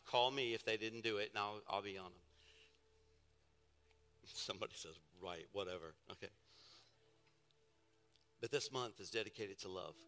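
A male pastor preaching a live sermon, telling playful stories and calling out to the congregation. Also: mid-range voice. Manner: storytelling, playful and animated, calls out to the congregation. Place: large church hall. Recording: live sermon in a reverberant hall with faint music.

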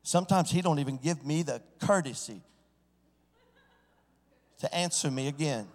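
A man preaching a sermon, swinging from hushed storytelling to loud, shouted exclamations. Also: fairly high pitch, moderate pace. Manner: preaching with sudden swells into shouting. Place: church. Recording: church sanctuary with long reverb.

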